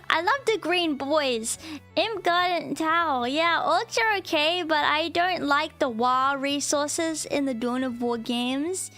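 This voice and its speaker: A woman's voice: high-pitched, slow, bright, forceful tone, soft background music. A woman streamer chatting with her viewers in a bubbly, giggly way, rambling with lots of "like". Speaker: streamer, VTuber. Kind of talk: casual live-stream chat.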